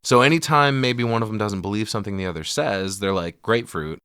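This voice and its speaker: A man's voice: on the low side, fast. An American man co-hosting a podcast, casually recapping a film and acting out lines with lots of swearing. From United States. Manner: animated retelling with put-on quotes, swears often. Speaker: podcast co-host. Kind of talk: casual movie recap chat.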